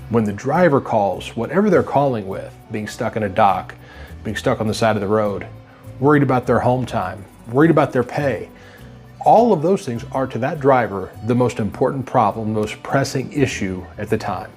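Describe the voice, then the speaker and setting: A man giving a scripted motivational talk to trucking managers, speaking in a steady, instructive and emphatic way. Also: medium pitch, normal speed, soft background music.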